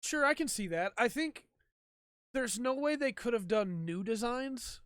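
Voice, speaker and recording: A man's voice: extremely high pitch, animated, measured pace, a bit bright, smooth, dry recording, studio quality. A man hosting a podcast, chatting casually and rambling with lots of ums and likes. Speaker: podcast host. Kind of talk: casual solo chat. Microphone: desk mic for a stream.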